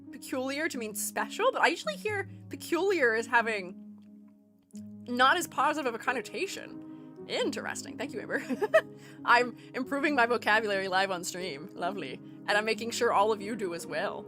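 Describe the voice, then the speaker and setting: A young woman with a mixed Rust Belt American accent, streaming a game and chatting casually with her viewers, giggling often as she reads their messages. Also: on the high side. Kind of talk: casual chat while gaming.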